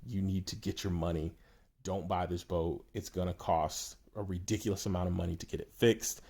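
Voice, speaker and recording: Worried young buddy giving a warning, as told by a low-voiced man, urgent and pleading. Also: steady tone, normal speed, creaky, a little mellow, slightly rough, exaggerated voice.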